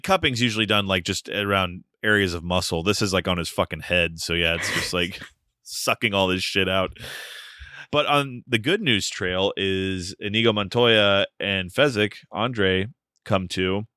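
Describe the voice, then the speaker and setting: A man's voice: low-pitched, a little slow, bright, forceful tone, clean tone, no room sound, clean studio sound. A man co-hosting a podcast, recapping a film plot in a wry, joking way. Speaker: podcast co-host. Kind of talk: casual film discussion.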